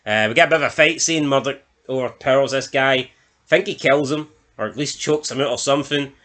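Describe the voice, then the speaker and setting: A man's voice: medium pitch, fairly quick, a bit bright. A man chatting casually as a reviewer, recapping a TV episode in a loose, rambling way with frequent restarts and the odd swear. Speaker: film and TV reviewer.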